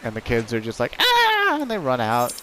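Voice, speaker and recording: A man's voice: mid-range voice, big pitch swings, fast talker, very noisy. A man giving casual, rambling commentary while playing a video game, telling a story with many fillers and restarts. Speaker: let's play host. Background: game music.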